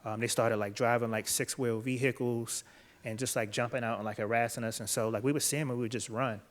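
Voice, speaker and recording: A man, earnest and measured, telling his own story on stage to an audience. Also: mid-range voice, steady tone. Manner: earnest, measured, quiet at emotional moments. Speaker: author and speaker. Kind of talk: personal storytelling talk, then interview answers. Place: event stage before a live audience.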